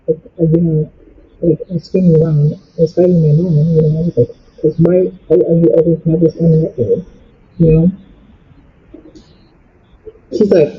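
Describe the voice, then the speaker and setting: Breathy young woman ranting a storytime. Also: mid-range voice, lo-fi sound. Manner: agitated, jumping between loud outbursts and quieter asides. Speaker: storytime vlogger. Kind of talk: emotional storytime rant.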